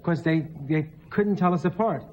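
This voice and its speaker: A man telling family stories as a talk show guest, giggling and acting out relatives in loud voices. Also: a little high, moderate pace, dull audio, a little hiss or hum. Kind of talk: anecdotal chat.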